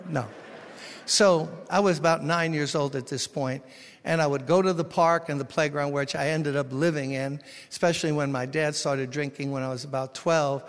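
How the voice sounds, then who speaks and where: A man from Brooklyn, preaching a sermon as pastor, swinging between loud exhortation and quiet storytelling. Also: fairly high pitch, steady tone, normal speed. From Brooklyn, New York. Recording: long reverb of a large hall.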